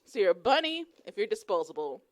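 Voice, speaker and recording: Giggly, animated woman podcast co-host. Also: medium pitch, fast talker. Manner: giggly, playful, asks lots of questions. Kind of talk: casual chat.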